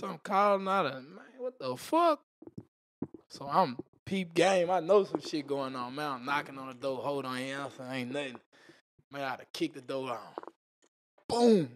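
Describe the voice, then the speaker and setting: A man with a somewhat high-pitched voice spins a wild story as a podcast guest. His delivery is animated and rough-edged, heavy with profane slang. He punctuates the telling with spoken sound effects like "boom" and "vroom.". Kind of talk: casual storytelling interview.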